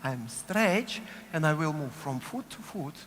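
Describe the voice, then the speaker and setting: Leading a dance class, a Russian-accented teacher calls out movement cues slowly in a sing-song, lively way, his bright pitch swinging widely up and down. He coaches rhythmically, repeats cue words, and keeps asking the group "yes?", his voice ringing with the long reverb of a big studio over faint room noise.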